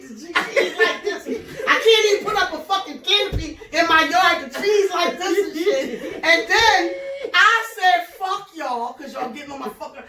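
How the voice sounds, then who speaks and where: A woman hosting a casual chat show, telling an animated, profane story and laughing through it. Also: very high voice, reverberant, recorded from a distance. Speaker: show host.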